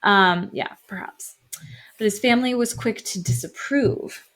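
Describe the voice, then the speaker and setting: A woman's voice: medium pitch, measured pace, fairly bright tone. A young adult woman co-hosting a podcast, telling a story in a casual chatty way with wry asides and lots of fillers. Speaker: podcast co-host.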